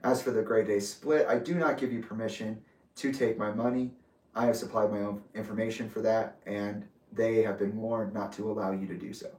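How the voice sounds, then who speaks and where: A man reading his own letter aloud with asides, in a measured, deliberate way. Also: on the low side, fairly even intonation, a little mellow. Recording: roomy echo, distant from mic.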